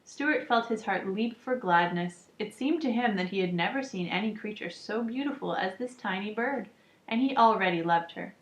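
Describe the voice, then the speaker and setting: A woman reading a children's book aloud calmly, adding casual asides. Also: mid-range voice, normal speed. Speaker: storybook reader. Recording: echoey room, muffled lo-fi sound.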